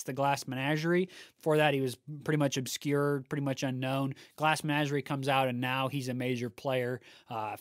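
A man's voice: a little high, no room sound, clean studio sound. A man co-hosting a podcast about plays, talking earnestly in casual chat and often restarting his sentences. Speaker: podcast co-host.

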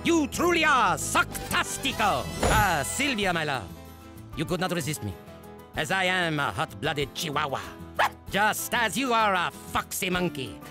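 A woman's voice: lowish voice, very animated, a little slow. A woman voicing a pompous, hot-blooded male chihuahua who speaks in a florid, theatrical way with Spanish flourishes. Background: cartoon music score.

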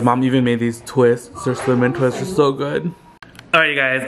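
Man vlogging, excitable, chatty, mid-pitched voice, handheld camera. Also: a little hiss or hum. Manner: gushing, excitable, talks straight to viewers. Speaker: vlogger host. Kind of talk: casual vlog chat. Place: thrift store, then home kitchen.

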